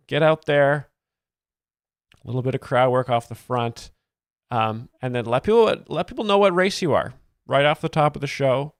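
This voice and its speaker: A man hosting a satirical commentary video, talking in a deadpan, mock-earnest way with many fillers. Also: medium pitch, clean tone, dry recording, studio quality. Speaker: comedy video host.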